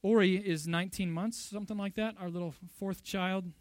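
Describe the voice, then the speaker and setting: A man's voice: high voice, steady tone, moderate pace, dry recording. A pastor preaching a sermon, emphatic and fond of rhetorical questions, a father of young children. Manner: emphatic, rhetorical questions, loud bursts when quoting.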